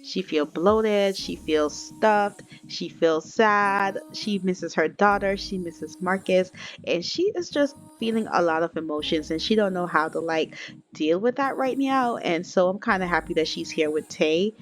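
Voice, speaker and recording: A woman's voice: on the low side, expressive, a little slow. A woman casually narrating a life-sim game story, chatty and talking straight to her viewers. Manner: chatty, addresses viewers as y'all.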